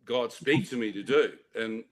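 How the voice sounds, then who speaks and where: A man's voice: medium pitch, normal speed. Older man telling a dramatic story. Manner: vivid, dramatic, frequent restarts and laughs. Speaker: guest telling his testimony. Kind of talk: animated storytelling.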